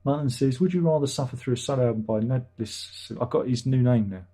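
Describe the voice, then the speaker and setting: On his livestream, a middle-aged British man casually answers what viewers type in chat, cracking dry jokes and chuckling. His voice is warm and medium-pitched, and he talks fairly quickly.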